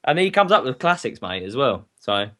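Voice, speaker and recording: A man's voice: medium pitch, big pitch swings, fairly quick, a bit bright. A man hosting a casual podcast, bantering and laughing with friends. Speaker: podcast host. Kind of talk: casual group chat.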